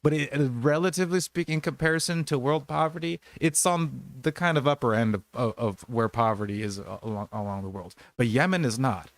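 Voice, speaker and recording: A man's voice: mid-range voice, fairly quick, few pauses, dry recording. A man in casual political podcast chat, ranting in a heated, profane, rambling way. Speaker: podcast host.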